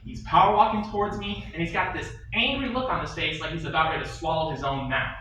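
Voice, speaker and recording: A man's voice: fairly high pitch, quick pace, bright, forceful tone, a little hiss or hum. A man doing a stand-up comedy set in a bar, telling a story with chatty asides to the audience. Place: bar and grill stage. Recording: echoey bar room, distant mic.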